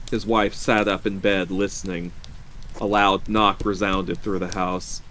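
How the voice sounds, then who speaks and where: Man reading a spooky story on stream, lowish voice, slow and dramatic. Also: flat delivery, pushed and bright. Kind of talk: reading a horror story aloud.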